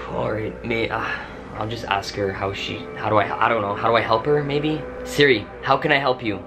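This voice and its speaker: A man's voice: on the low side, steady tone, normal speed, noisy background. A young man vlogging to his viewers, panicky and exclaiming often. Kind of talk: casual scared vlog. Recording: music playing underneath.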